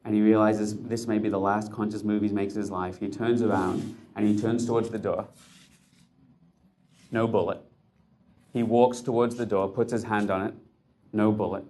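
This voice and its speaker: A man's voice: lowish voice, level tone, normal speed, long pauses, darkish tone. Man telling a story with intense suspense. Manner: intense, building suspense in short punchy phrases. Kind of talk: dramatic storytelling.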